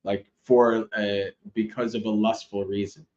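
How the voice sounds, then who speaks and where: A man teaching Dhamma on a livestream, telling a story with lively asides and frequent laughs. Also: fairly low pitch, a little slow. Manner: animated storyteller, laughs often, loose asides. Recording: roomy, slightly dull livestream audio.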